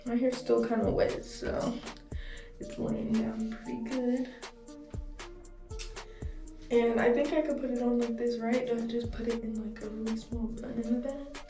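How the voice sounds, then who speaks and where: A young beauty vlogger talks casually to camera in an indoor room at home, her fairly high voice steady, a little slow, with long pauses. She's chatty and nervous, swearing and laughing to herself as she works, recorded off-mic in an echoey room with music behind.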